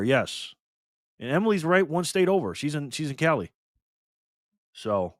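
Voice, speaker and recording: A man's voice: mid-range voice, very animated, normal speed, a bit bright, dry recording, studio quality. A man hosting a casual livestream, talking in a slangy, playful way and thanking viewers by name. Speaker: livestream host reading donations.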